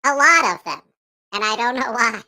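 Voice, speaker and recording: A man on a livestream talking through a pitch-shifting voice changer that makes him sound like a giggly, mischievous child. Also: lively intonation, normal speed, bright, forceful tone, full character voice. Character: high child's voice of impish dark thoughts. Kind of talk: livestream chat.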